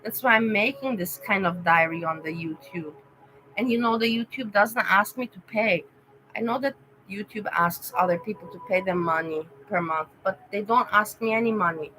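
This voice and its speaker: Woman streamer, unscripted and emotional, talks straight to her chat in a bright, pushing voice. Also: mid-range voice, moderate pace, slight background noise, poor audio. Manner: rambling and emotional, thanking and addressing chatters by name. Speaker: vlogger chatting with live viewers. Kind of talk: casual livestream chat.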